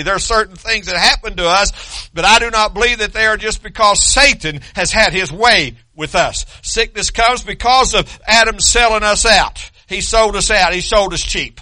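A man's voice: high voice, moderate pace, pushed and bright, no echo. An older man preaching a sermon in an emphatic, repetitive way, with many hesitations.

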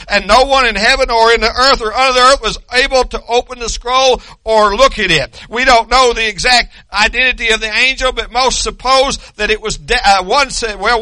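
A man's voice: high voice, pushed and bright, no room sound. An older man preaching a sermon in an emphatic, repetitive way, with many hesitations.

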